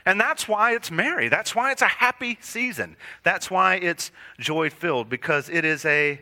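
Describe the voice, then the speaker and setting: Bright, lively preaching man. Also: on the high side, a little slow, few pauses. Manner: earnest preaching, swelling and dropping for emphasis; addresses congregation directly. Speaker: pastor. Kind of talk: sermon.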